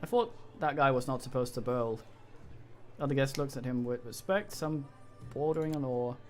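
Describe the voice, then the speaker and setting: A man's voice: medium pitch, moderate pace, a little mellow, soft background music. A man streaming a game, reading its text aloud with casual, wry and crude asides.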